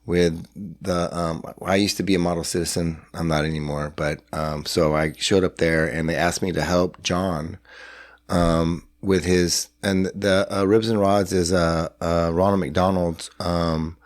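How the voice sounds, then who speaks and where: A man's voice: low-pitched, little pitch movement, unhurried, no room sound, clean studio sound. A middle-aged man telling a long story in casual chat, rambling with fillers and acting out what people said. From San Antonio, Texas. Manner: rambling, lots of fillers and restarts, acts out dialogue. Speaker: podcast guest. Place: hotel room.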